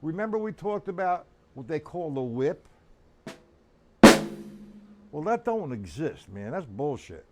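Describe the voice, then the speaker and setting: A man's voice: on the high side, sing-song, a little slow, pauses often, over music. A man teaching a casual drum lesson on a live stream, talking bluntly and calling viewers by name.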